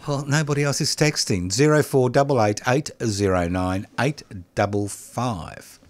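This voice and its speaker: A man's voice: mid-range voice, unhurried, no echo. An Australian man co-hosting a radio talk show, joking and mock-outraged in sarcastic banter. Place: radio studio.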